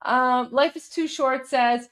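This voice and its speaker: Chatty woman hosting a political livestream. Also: high voice. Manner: chatty, repeats words and restarts while coaching pronunciation; emphatic, insistent when arguing. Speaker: livestream show host. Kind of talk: casual political commentary livestream.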